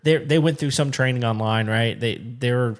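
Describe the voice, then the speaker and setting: A man's voice: mid-range voice, moderate pace. A man co-hosting a home show, chatting casually and acting out both sides of a phone call as he tells a story, often laughing. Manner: laughs often while telling stories. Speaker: podcast co-host. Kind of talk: casual chat.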